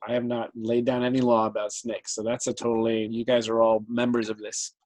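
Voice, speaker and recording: Guy gm-ing a tabletop game, lots of ums, mid pitch. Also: little pitch movement, brisk, a little mellow, low-quality recording. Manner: hesitant, many fillers, chuckling. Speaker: game master.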